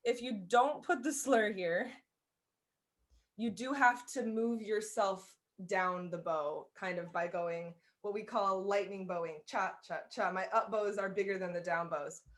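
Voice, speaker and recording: A woman's voice: mid-range voice, measured pace. A woman teaching a live online fiddle lesson. She explains bowing step by step in an encouraging way and sings out the rhythms. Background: violin playing.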